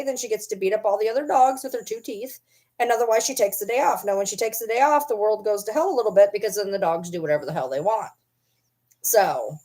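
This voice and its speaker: A woman vlogs casually at home, talking to the camera and teasing her pet dog in a doting, playful way, slipping easily into baby talk. Her voice is medium-pitched with a darkish tone.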